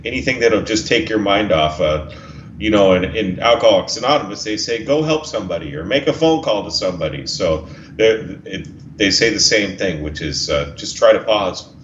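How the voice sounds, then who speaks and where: A man with a low voice, co-hosting a talk about sobriety from his home. His speech is plainspoken and measured, and the recording sounds roomy and dull. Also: a little hiss or hum. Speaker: co-host. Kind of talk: casual recovery talk.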